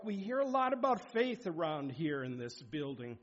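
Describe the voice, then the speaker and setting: A man's voice: high voice, moderate pace. A man preaching a sermon in a church, exhorting his hearers and reading scripture aloud with emphasis. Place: church sanctuary. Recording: dull lo-fi sound.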